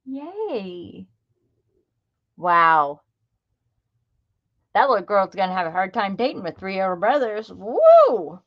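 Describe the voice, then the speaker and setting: A woman's voice: mid-range voice, sing-song, slow pace, pauses often, muffled recording. A middle-aged woman hosting a craft livestream, chatting casually and greeting viewers by name. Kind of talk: casual live-stream chat.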